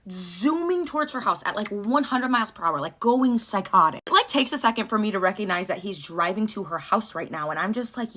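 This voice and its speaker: Fast-talking young woman telling a story. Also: mid-range voice, sharp tone. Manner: chatty, swears, lots of "like" fillers. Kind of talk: casual storytime chat.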